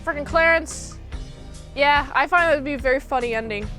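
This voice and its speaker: A woman's voice: high-pitched, brisk, bright, forceful tone, soft background music. A young woman casually recapping a movie, rambling with lots of fillers and popping into goofy impressions of the characters. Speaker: movie reviewer.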